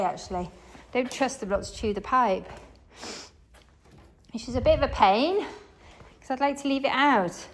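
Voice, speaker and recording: A chatty woman from England talks to her viewers while she vacuums and mops her farmhouse kitchen, her voice pitched a little high. She sounds a touch breathless and hoarse from the work, and she trails off and restarts as she goes. Clear household noise runs behind her. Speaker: cleaning vlogger. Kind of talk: casual chat while cleaning. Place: farmhouse kitchen and utility room, indoors.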